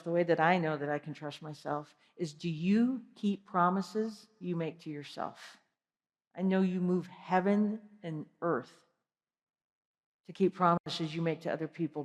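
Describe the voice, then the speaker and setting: Woman giving a motivational keynote in a hall. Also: lowish voice. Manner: energetic, direct questions to the audience. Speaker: keynote speaker. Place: large conference hall. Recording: long hall reverb.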